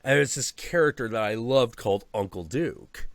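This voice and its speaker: A man hosting a casual interview over a video call, an animated storyteller who swears freely. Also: medium pitch, normal speed, dry recording. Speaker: host.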